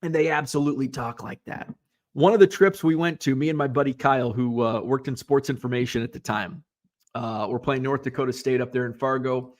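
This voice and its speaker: A man's voice: medium pitch, steady tone, brisk. A man from Illinois hosting a podcast, chatting casually and rambling with lots of fillers and asides. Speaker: podcast host. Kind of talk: casual live-show chat, reading viewer comments.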